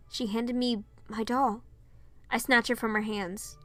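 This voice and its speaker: A woman reading her own fan fiction aloud as narrator, in a steady storytelling manner. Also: medium pitch, normal speed, soft background music.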